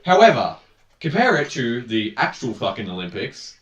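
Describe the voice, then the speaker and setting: A young man ranting loosely on a podcast, words tumbling out with plenty of "like" and swearing. His voice is bright and forward. He sits back from the mic in an echoey room. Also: mid-range voice, very animated, normal speed, lo-fi sound. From Australia. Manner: rambling, filler-heavy, swearing. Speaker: podcast co-host. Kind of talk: casual chat. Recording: roomy, distant mic.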